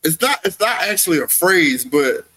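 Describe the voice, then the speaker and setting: A man's voice: high-pitched, big pitch swings, moderate pace, bright, forceful tone, slightly rough, rough recording. A man co-hosting a comedy podcast, rambling and laughing through profane banter. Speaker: podcast co-host.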